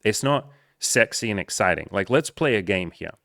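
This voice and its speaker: A man's voice: fairly low pitch, lively intonation, moderate pace, creaky, a bit bright, dry recording, clean studio sound. A man coaching his viewers in casual talk to camera, playful and mock-formal at times, swearing freely. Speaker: dating and life coach.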